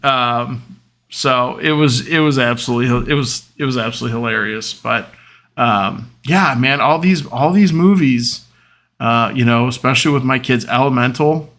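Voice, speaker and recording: A podcast host in his thirties delivers a casual personal monologue, telling stories from his life in a rambling, openly emotional way full of fillers and restarts. His mid-range voice is a bit bright and moves at a moderate pace.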